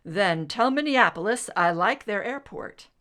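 A dry, wisecracking male FBI agent voiced by a woman narrator in a read-aloud story. The delivery is slow and unhurried, with a bright, clear tone. He tosses off his lines with flat, teasing understatement. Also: sits high, exaggerated voice. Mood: deadpan. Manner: deadpan wisecracks.

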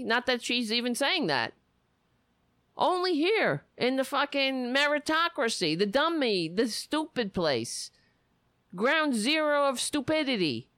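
Woman, angry political rant, swearing, sarcastic, slow deliberate delivery, swooping pitch, dry close sound. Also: fairly bright tone, dry recording. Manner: furious, profane, sarcastic.

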